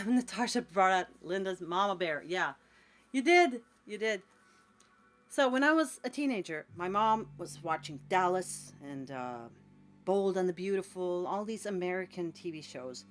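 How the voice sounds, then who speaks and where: A woman in her forties from Scandinavia chats to viewers on a late-night stream, her voice sitting low. She rambles through stories full of "like" and urges people to believe in themselves. Faint music plays behind her at home. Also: normal speed. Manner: rambling, animated, encouraging, lots of "like". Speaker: tattoo artist streaming live. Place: at home in a cold room, painting.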